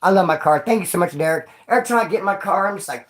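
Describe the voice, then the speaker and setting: A man on his vlog casually tells jail stories, rambling and joking in street slang and calling viewers "homeboy" and "dog." His voice is high-pitched and very fast.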